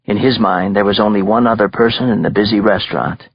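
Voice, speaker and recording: A man narrating a thriller audiobook in a measured, grim storytelling manner. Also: on the low side, steady tone, vocal fry, slightly rough, no room sound, lo-fi sound.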